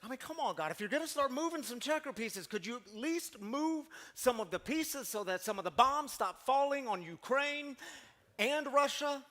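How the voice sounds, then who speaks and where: Pastor with a high voice, emphatic and conversational, preaching in a big echoing room. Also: male voice, animated, moderate pace, bright, forceful tone. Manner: emphatic, rhetorical questions, conversational. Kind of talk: sermon.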